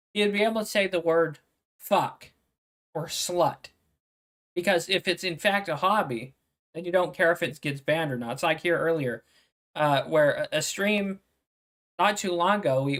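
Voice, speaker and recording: Sarcastic woman mocking a clip. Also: on the low side. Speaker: reaction streamer. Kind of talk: sarcastic reaction commentary.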